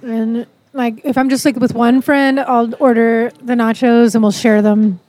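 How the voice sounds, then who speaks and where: Chatty woman from Canada, higher voice. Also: level tone, measured pace, darkish tone. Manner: chatty, lots of "like" fillers. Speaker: interviewee. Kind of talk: casual chat over a meal.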